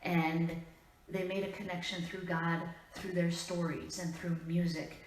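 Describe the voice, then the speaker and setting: Preaching in a sanctuary, the female pastor has a somewhat low voice, an Upper Midwest lilt, and very little pitch movement. Her manner is measured and sincere, with purposeful gaps between phrases. The sound is reverberant and picked up from far away.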